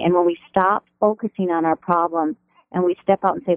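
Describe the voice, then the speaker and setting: A woman's voice: moderate pace, no room sound. A middle-aged American woman, a radio devotional writer, chatting animatedly as an interview guest from her home over the phone. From American Upper Midwest. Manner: animated, laughs easily, pitch leaps when excited. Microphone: telephone. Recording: tinny phone line.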